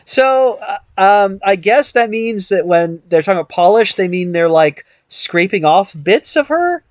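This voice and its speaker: A man with a notably high voice co-hosts a podcast in a casual chat. He muses, working his thoughts out aloud as he goes. The recording is dry and close. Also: expressive, unhurried, no echo. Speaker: podcast co-host. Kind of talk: casual discussion.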